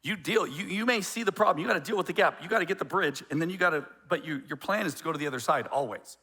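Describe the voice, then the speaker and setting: A male pastor preaching a sermon in a conversational, joking way, with quick asides and frequent restarts. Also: on the high side, bright, forceful tone, breathy edge.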